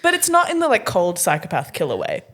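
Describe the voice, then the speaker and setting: A young woman from Australia co-hosting a podcast, chatting casually and acting out quotes with sudden pitch jumps and laughter. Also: wildly swooping pitch, fast talker, a bit bright. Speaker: podcast co-host, comedian. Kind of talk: casual chat.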